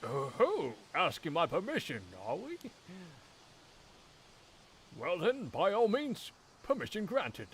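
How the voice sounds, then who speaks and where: A showy, self-important gentleman with a put-on standard British accent, voiced by a man reading a game aloud, pitched a touch high and swooping all over as he holds forth in wordy, theatrical phrases. His voice rises and falls dramatically with every grand pronouncement. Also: wildly swooping pitch, slow pace, long pauses, heavily acted, low-quality recording. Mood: gracious. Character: flamboyant theatrical middle-aged man, showy would-be detective.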